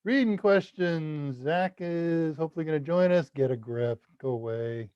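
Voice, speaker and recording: A man from the United States runs a casual live Q&A, reading viewer comments and chuckling at his own quips. His voice sits a little high. The audio is dull and lo-fi, close and dry. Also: normal speed, dark tone, clean tone, no echo. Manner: chatty, self-deprecating, laughs at own jokes. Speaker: livestream Q&A host.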